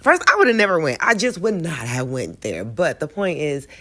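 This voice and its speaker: A woman hosts a reaction video and talks back to a story in an expressive, chatty way. She often breaks in with exclamations. Her voice is very low for a woman. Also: normal speed. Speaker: reaction host. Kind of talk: casual reaction commentary.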